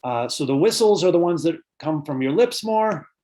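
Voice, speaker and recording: A birding author and presenter speaks at normal speed with a fairly high pitch and lively intonation, though heavy background noise intrudes. His online conference lecture on bird sounds mixes explanations of terms, frequent fillers and answers to audience questions.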